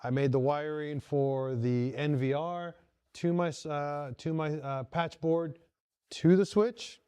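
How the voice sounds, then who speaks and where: A man's voice: on the high side, steady tone, slow, warm tone, clean tone, dry recording. A man hosting a casual workshop vlog from his home garage shop, talking viewers through each step as he works. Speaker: host.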